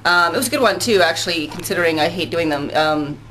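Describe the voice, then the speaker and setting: An older woman with a somewhat low voice chats to her camera out on a balcony, a bit breathless after exercise. She rambles, restarts and laughs often in a casual vlog. A faint outdoor hum sits behind her. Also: fast, fairly bright tone, poor audio. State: out of breath and sweaty after a workout. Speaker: vlogger.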